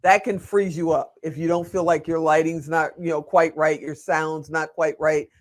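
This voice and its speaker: Guy with a high voice hosting a laid back interview, rambly questions. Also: little pitch movement, normal speed. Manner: chatty, asks long rambling questions. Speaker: interview host. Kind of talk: casual video interview.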